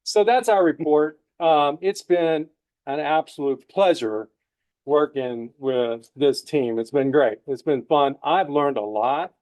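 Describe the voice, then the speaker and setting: Man, mellow tone, folksy, repeats himself, meeting report. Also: a little high, slow. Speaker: committee member giving report.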